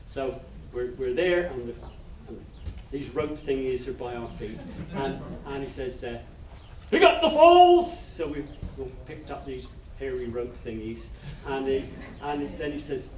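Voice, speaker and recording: A man's voice: a little high, darkish tone, a little hiss or hum. Rambling male storyteller on a live stage. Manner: rambling, self-amused, with many restarts. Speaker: folk singer and storyteller. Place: live music festival stage. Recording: distant roomy live stage sound.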